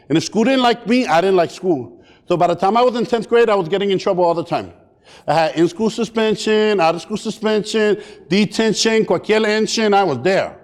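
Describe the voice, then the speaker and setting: A man giving a comedic motivational talk at a community summit, animated and playful as he acts out scenes. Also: high-pitched. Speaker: keynote speaker. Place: large hall at a community summit. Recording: long hall reverb.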